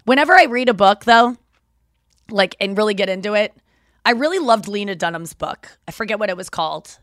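A woman hosting a podcast in casual chat, rambling and animated, laughing often as she talks. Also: medium pitch, fairly quick, no echo, clean studio sound. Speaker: podcast host.

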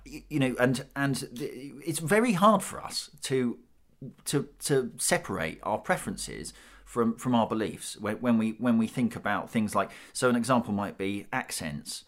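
A man's voice: mid-range voice, expressive, normal speed, fairly bright tone. A middle-aged British man in a panel discussion, thinking aloud with frequent restarts. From Britain. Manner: thoughtful, restarts often. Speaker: panel guest.

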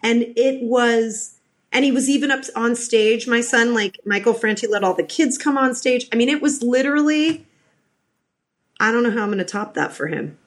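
A woman's voice: fairly high pitch, normal speed. Chatty woman telling stories. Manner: chatty storyteller with many restarts. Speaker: podcast guest. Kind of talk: casual interview chat.

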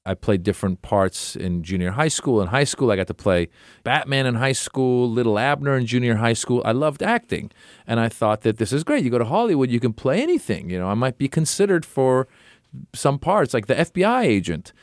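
A man's voice: mid-range voice, sing-song, fairly quick, dry recording, clean studio sound. A middle-aged man, a comedian and actor, telling casual anecdotes as an interview guest and acting out other people's lines. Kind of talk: casual conversational storytelling.

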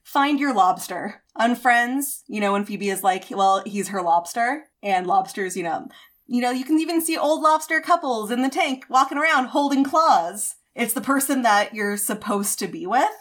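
Brief: woman, 30s, podcast co-host, chatty advice, fairly high pitch. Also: animated, moderate pace, a bit bright. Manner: chatty, lots of fillers and acted-out quotes.

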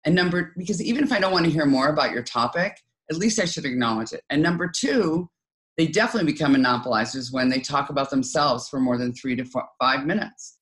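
A woman's voice: low voice, fast talker. Woman acting out sample dialogue. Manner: lively, acts out quoted dialogue in other voices. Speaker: author and guest giving advice. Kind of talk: conversational advice in an interview.

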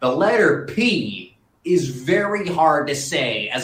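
A man's voice: on the high side, very animated, a bit bright, roomy sound. A man in a short video clip, explaining and demonstrating a ventriloquist trick step by step. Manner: demonstrating slowly and deliberately. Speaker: TikTok ventriloquism tutor.

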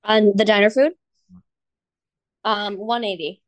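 A woman's voice: medium pitch, steady tone, slow, no room sound. A woman hosting a podcast, chatting casually and teasing with frequent laughs. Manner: playful, teasing, laughs often. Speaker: podcast host. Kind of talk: casual chat.

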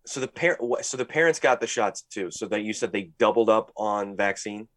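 A man with a fairly low voice co-hosts a casual podcast. He talks bluntly and thinks out loud, swearing freely. The sound is dry and close. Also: normal speed, no room sound. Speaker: podcast co-host. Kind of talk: casual chat.

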